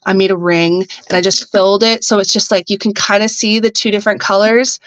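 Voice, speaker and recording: A woman's voice: medium pitch, fairly quick, dry recording, low-quality recording. A young adult woman from Canada, a podcast guest talking casually about her welding work. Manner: relaxed, thinks aloud with fillers. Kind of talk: casual chat.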